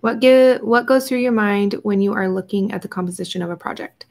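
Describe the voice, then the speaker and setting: Briskly and at medium pitch, a young woman chats with viewers on her art journaling livestream while painting. Every so often her talk trails away into quiet murmurs.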